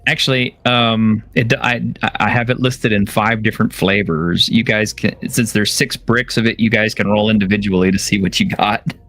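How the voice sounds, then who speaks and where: A man running a tabletop game on a stream as game master, casual and chuckling, with halting fillers. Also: fairly low pitch, steady tone, a bit bright, no echo.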